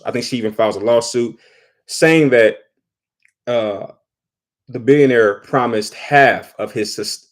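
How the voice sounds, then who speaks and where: Chatty man reacting on camera. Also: medium pitch. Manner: conversational, repeats words while thinking. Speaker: vlogger. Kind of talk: casual commentary.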